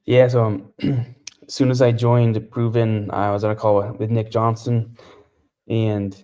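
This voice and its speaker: Man, low voice, monotone, relaxed halting chat, interview guest. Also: clean tone. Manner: relaxed, halting with many fillers. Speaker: CrossFit athlete, podcast guest.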